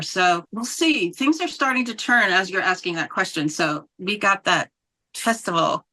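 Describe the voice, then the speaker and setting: A woman's voice: mid-range voice, moderate pace, bright, forceful tone. A woman from New Mexico, a metal band singer, chatting animatedly as a podcast guest, laughing often and swearing casually. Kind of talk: casual interview chat.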